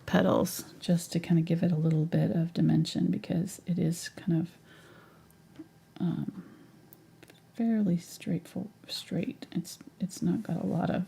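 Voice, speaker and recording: A middle-aged woman gives a live painting lesson in a husky voice. She chats her way through each step and now and then drops to a murmur as if talking to herself. Her tone stays low and mellow. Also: fairly even intonation, measured pace. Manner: chatty, thinks aloud, drops into whispers to herself. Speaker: painting instructor.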